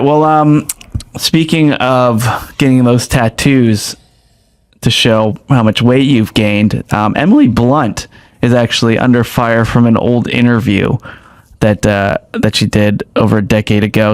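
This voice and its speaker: A man's voice: mid-range voice, steady tone, unhurried, smooth. Easygoing man reading news items. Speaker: podcast news co-host. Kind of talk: casual podcast chat.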